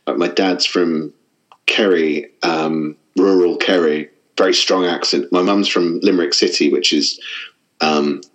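Deep-voiced Englishman rambling cheerfully. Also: steady tone, a little slow, fairly bright tone, low-quality recording. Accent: southern English. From England. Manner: rambling, self-deprecating, laughs often. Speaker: podcast guest. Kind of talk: casual chat.

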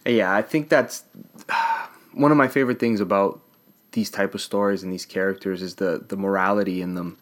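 Lower-voiced man, thoughtful and slow. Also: fairly even intonation. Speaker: podcast guest. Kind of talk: casual comic book discussion.

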